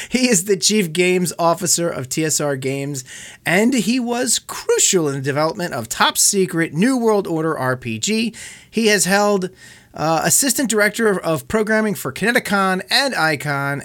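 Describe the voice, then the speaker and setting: A man's voice: sits high, animated, moderate pace, fairly bright tone. A man hosting a casual podcast, chatty, laughing often and restarting his sentences. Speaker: podcast host.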